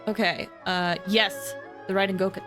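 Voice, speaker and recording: A woman's voice: medium pitch, steady tone, normal speed. A woman game streamer giving casual commentary in a chatty, rambling, scattered way. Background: game music.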